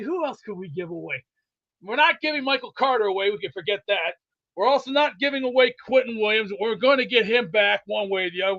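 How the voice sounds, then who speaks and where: A man rambling excitedly about football and cooking in a boastful, comedic way, slightly out of breath. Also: very high voice. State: out of breath from exercise. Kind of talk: rambling comedic sports chat. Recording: dull lo-fi sound.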